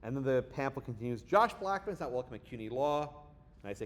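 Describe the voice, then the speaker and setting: Animated, sarcastic man lecturing. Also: medium pitch, fast, long pauses. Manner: animated, sarcastic, acts out quoted voices. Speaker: guest lecturer. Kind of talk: storytelling lecture. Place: lecture hall.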